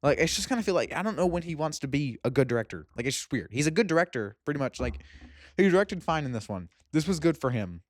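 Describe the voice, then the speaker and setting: A man's voice: on the high side, very animated, quick pace. A young man in casual chat about movies, rambling and laughing, often breaking off mid-sentence. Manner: rambling, laughing, self-interrupting. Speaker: movie review youtuber.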